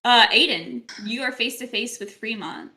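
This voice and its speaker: A woman's voice: on the high side, normal speed, pushed and bright. A woman running a tabletop game as game master, chatting loosely and laughing often.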